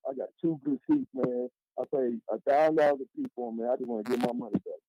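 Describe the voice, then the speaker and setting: A man from Texas with a Southern accent, calling in to chat casually, animated and repetitive, swearing freely. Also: medium pitch, fast, dry recording, soft background music, low-quality recording. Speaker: caller.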